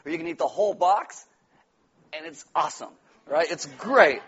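A male pastor, around his forties, preaching an animated, joking sermon and acting out quotes in loud put-on voices. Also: fairly high pitch, moderate pace. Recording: dull lo-fi sound.

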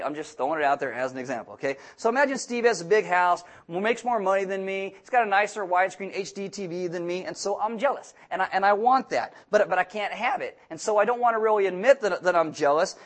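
A young man preaching a sermon, joking and acting out quoted people in animated voices. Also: high voice, quick pace, hardly any pauses. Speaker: pastor.

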